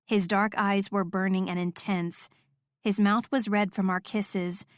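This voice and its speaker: A woman reads a romance audiobook told in first person, her delivery gentle and intimate. She has a mid-range pitch, and the close recording carries no echo at all.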